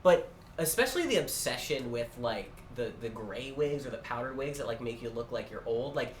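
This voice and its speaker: A man's voice: mid-range voice, expressive, normal speed. A man co-hosting a podcast, musing and digressing as he thinks aloud in casual conversation. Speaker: podcast co-host. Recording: echoey room, faint background noise.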